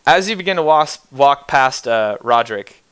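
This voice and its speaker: Young man, game master, animated narration, bright tone, dry recording. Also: mid-range voice, normal speed, clean tone, no echo.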